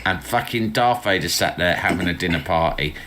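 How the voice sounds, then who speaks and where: A man's voice: deep voice, fairly quick. A man, co-hosting a comedic film podcast in casual, sweary chat and acting out lines from scenes. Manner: sweary, animated, acts out quotes. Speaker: podcast co-host.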